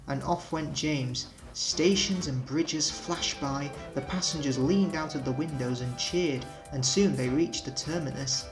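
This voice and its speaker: A man narrating a children's railway storybook with gentle, expressive storytelling. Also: on the high side, normal speed, hardly any pauses, soft background music, poor audio.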